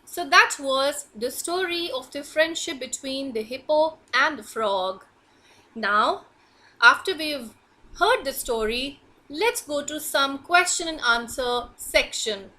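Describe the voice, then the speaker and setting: A woman teacher leads an online reading class for young children. Her high voice swings up and down in a lively sing-song. She speaks slowly and clearly, with a bright tone.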